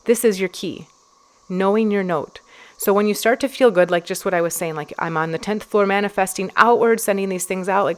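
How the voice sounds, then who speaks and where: Talking alone on her own podcast, a woman chats casually and rambles, using many fillers and restarts. Her voice is mid-range and fairly quick.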